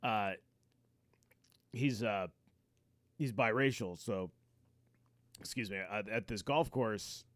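A man's voice: fairly low pitch, takes it slowly, pauses often, a bit bright, no echo. A man hosting a podcast, chatting casually in an easygoing way and often laughing. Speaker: podcast host. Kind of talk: casual chat.

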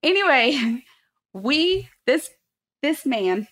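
High bright-voiced woman telling a story. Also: drawn-out words. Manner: expressive, swears freely, acts out quotes loudly. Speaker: podcast guest, co-host's wife. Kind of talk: animated storytelling chat.

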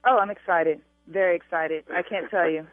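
A woman's voice: on the low side, steady tone, moderate pace, no echo. A woman on a phone call as a bride, talking emphatically and insistently, repeating her demands. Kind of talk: phone argument. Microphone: telephone. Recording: tinny dry phone line.

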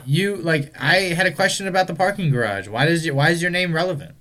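A man's voice: a little high, expressive, fast talker, bright, forceful tone. Laid-back man telling stories. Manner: laid-back storyteller, profane. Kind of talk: casual chat.

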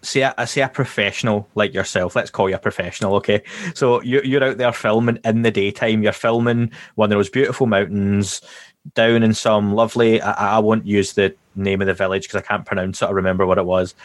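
A man hosting a podcast, talking in a relaxed, rambling way and building hypothetical examples. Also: lowish voice, a little fast, no room sound. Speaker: podcast host. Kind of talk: casual podcast conversation.

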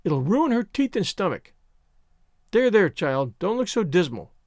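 A brisk, no-nonsense older spinster, as a male storyteller puts her on, scolding as she goes. The read is close and dry, with plenty of pitch movement. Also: sing-song, a little mellow, dry recording. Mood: stern. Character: stern, practical older spinster woman.

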